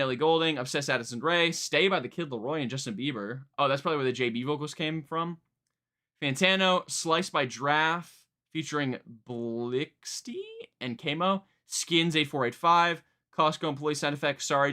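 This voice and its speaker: A young man chatting casually on a live music-reaction stream, rambling, excitable, and swearing freely. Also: fairly high pitch. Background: faint music playing.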